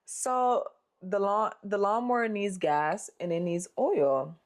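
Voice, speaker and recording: A woman's voice: medium pitch, takes it slowly. Young female co-host, casual storyteller, swears a lot, acts out every quote. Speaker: podcast co-host.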